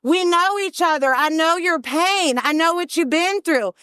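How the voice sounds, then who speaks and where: High-voiced woman telling her recovery story. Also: measured pace, fairly bright tone, no echo, studio quality. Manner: candid, humorous storyteller who acts out voices. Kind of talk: personal testimony to a recovery group.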